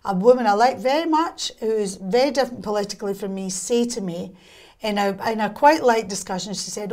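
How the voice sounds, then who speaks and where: A Scottish woman from Scotland, a guest in an interview, talking in a casual way and telling lively stories with quick, wry humour. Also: medium pitch.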